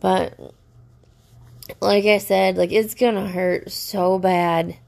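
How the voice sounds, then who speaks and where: A woman rants to her viewers in a stressed, halting way, restarting her sentences again and again. Her voice is gravelly with a lot of fry. Her pitch stays flat and level throughout. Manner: upset, halting, many restarts. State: stressed and upset. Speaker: vlogger. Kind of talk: personal rant to camera.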